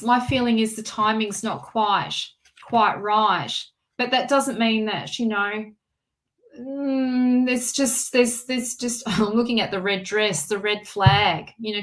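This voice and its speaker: Reassuring tarot reader woman, higher voice. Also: slow pace. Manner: reassuring, repeats phrases, frequent restarts. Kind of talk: live-streamed tarot readings for viewers.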